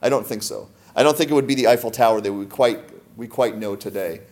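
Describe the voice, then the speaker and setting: A man's voice: fairly low pitch, fast talker, a little mellow. Emphatic male pastor preaching a sermon. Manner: emphatic, asks the congregation many rhetorical questions.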